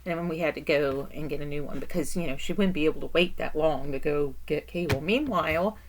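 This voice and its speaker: A middle-aged woman telling stories from her life as a caretaker and parent in a casual vlog, with exaggerated, animated asides and frequent laughter. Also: sits low, brisk, slight background noise.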